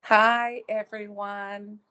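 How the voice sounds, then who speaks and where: A woman in her sixties from California, a guest speaking slowly and deliberately, sometimes repeating a word. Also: mid-range voice, flat delivery, sharp tone, clear, resonant tone, muffled recording. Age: 60s. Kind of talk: casual conversation.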